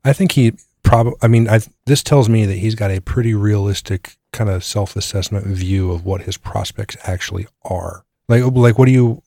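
A man's voice: lowish voice, moderate pace, vocal fry, few pauses, warm tone, dry recording, studio quality. A man co-hosting a sports podcast, chatting casually and hedging with fillers. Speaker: podcast co-host.

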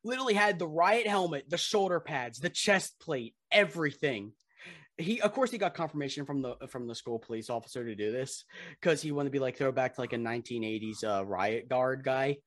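A man's voice: mid-range voice, expressive, a little fast, a bit bright, no echo, studio quality. Rambling young guy telling school stories. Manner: rambling storyteller, swearing, laughing often. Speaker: podcast co-host. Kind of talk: casual podcast chat.

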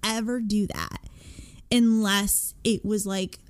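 Podcast co-host, female, mid-pitched, emphatic and expressive, casual swearing. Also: takes it slowly. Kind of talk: casual storytelling chat.

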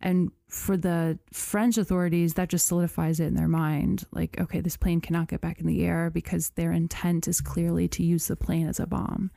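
A woman tells a story on a podcast in a loose, chatty way, full of "like" and "you know". Her voice sits a little low and sounds mellow. The recording is close and dry. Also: level tone, moderate pace, gravelly, hardly any pauses, no room sound. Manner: chatty, lots of "like" and "you know", laughs often. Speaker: podcast host. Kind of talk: casual storytelling chat.

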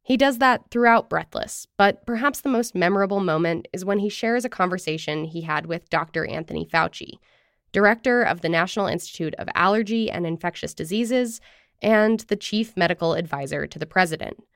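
A woman host delivering scripted narration with a clear, polished manner. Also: fairly low pitch, fairly quick, a bit bright, no room sound, studio quality. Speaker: podcast host.

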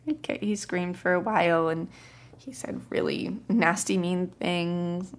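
A woman's voice: on the low side, expressive, measured pace, vocal fry. A woman hosting a parenting podcast, telling a client story in a casual, conversational way and acting out the quotes.

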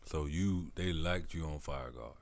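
Very deep-voiced man, dry sound. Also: unhurried, no echo. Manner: short reactions and questions. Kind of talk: casual chat.

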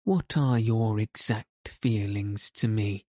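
A man's voice: lowish voice, slow, warm tone, no room sound, studio quality. Wendy, a man reading as a prim girl. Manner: prim and earnest. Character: Wendy, a prim earnest young girl playing mother.

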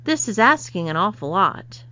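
Brief: woman reading as a flustered, indignant young man; mid-pitched, muffled lo-fi sound. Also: very animated, normal speed, pushed and bright. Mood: wary. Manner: protesting, indignant. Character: flustered young man, an unwilling new servant. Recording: slightly dull lo-fi recording.

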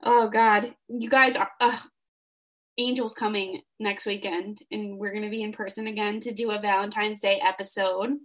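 Animated young woman gushing about pop music. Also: mid-range voice, normal speed. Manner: animated, gushing, laughs often. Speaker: podcast co-host. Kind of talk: casual fan podcast chat.

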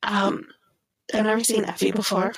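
A woman's voice: medium pitch, flat delivery, normal speed, creaky, no echo, rough recording. A woman co-hosting a podcast, chatting casually and animatedly, laughing often and acting out what others said. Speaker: podcast co-host. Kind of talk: casual chat recapping wrestling shows.

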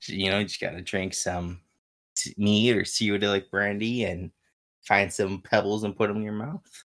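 A man's voice: fairly low pitch, level tone, moderate pace, a bit bright. A man co-hosting a casual gaming podcast, laid-back and hesitant, full of fillers as he recounts his play. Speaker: podcast co-host.

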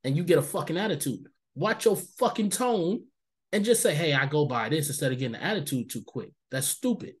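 A man's voice: fairly high pitch, big pitch swings, brisk. A man co-hosting a podcast, ranting bluntly and with heavy profanity in casual chat. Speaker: podcast co-host.

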